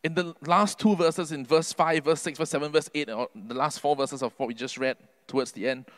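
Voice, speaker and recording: A man preaching a sermon earnestly, building to emphatic peaks and then dropping his voice low. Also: fairly even intonation, fairly quick. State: can't sing due to covid.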